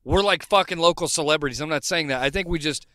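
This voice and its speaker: A man's voice: on the high side, fast talker, bright, forceful tone, no echo, studio quality. A man on a podcast telling a casual story, rambling with many restarts. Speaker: podcast co-host.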